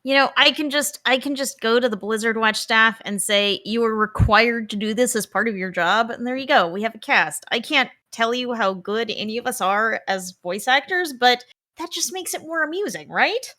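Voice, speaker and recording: A woman co-hosting a casual gaming podcast, animated and enthusiastic, laughing easily. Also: a little high, normal speed. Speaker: podcast co-host.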